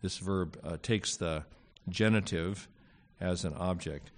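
A man with a fairly low voice lectures on Greek grammar to a class. He speaks haltingly, filling pauses with fillers and slipping in wry asides. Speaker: Greek teacher.

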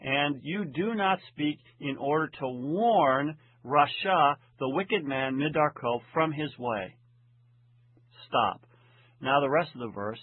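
Husky man teaching over tinny audio. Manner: deliberate and methodical, slows for the original-language lines. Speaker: Hebrew Bible teacher. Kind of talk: lecture translating a text verse by verse. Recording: tinny phone-like low-fidelity audio.

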